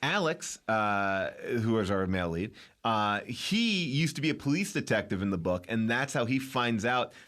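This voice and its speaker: A man's voice: on the low side, moderate pace. A man hosting a casual podcast, recapping a movie's plot and acting out the characters' lines. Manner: animated, acts out characters' lines while recapping. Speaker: podcast host.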